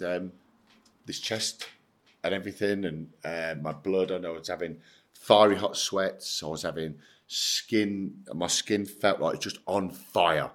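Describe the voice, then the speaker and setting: A former footballer appears as a podcast guest: middle-aged, English-accented, with a very low, deep voice. He talks casually, as on a chat show, bluntly and emphatically, swearing freely and voicing the characters in his story.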